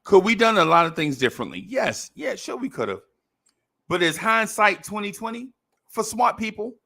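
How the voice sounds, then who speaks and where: A man hosting a casual sports podcast, talking in an animated way, repeating phrases and laughing often. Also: sits high, moderate pace, vocal fry. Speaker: podcast host.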